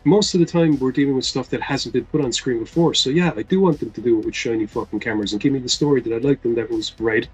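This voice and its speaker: Husky, earnest male co-host. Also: mid-range voice, quick pace, few pauses, soft background music, poor audio. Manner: earnest, argumentative, swears when pressed. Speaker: podcast co-host. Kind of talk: casual chat.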